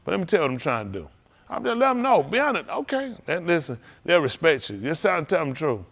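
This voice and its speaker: Animated preacher man, lively pitch. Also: quick pace, vocal fry. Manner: animated, calls to the congregation, teasing asides. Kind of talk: sermon.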